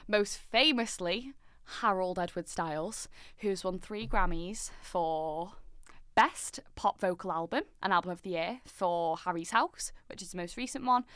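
Bubbly woman, smooth voice. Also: fairly low pitch, a little slow, a bit bright, dry recording, studio quality. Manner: bubbly, chatty, giggly. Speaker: podcast co-host. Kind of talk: casual chat.

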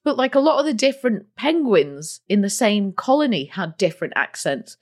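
Woman podcast co-host, casual chat, frequent laughter, incredulous tone, mid pitch. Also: moderate pace. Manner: laughs often, animated and incredulous.

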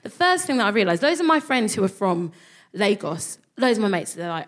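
A woman's voice: mid-range voice, fairly quick. A woman, telling a comic story on a live stage, swearing freely and acting out the people in it. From England. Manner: animated, swearing, acts out voices, laughs at own jokes. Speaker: comedy podcast co-host. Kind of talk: live stand-up storytelling before an audience.

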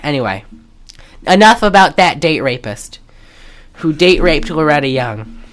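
A woman co-hosting a podcast, recapping a movie in casual chat, animated and profane, with lots of fillers and laughter. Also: low voice, a little slow. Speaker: podcast co-host.

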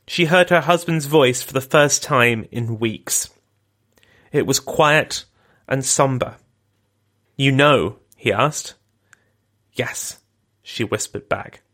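A man hosting a podcast, giving scripted historical narration in a measured, grave way. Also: fairly high pitch, fairly bright tone. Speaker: podcast host.

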